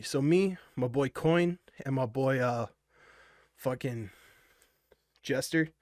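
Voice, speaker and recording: A young man spins a loose, profane personal story, packed with fillers and restarts, buzzing from energy drinks. His voice sits at an ordinary middle pitch. The recording is dry and close, with no room sound. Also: takes it slowly, long pauses, darkish tone, no room sound. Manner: rambling and profane, with many fillers.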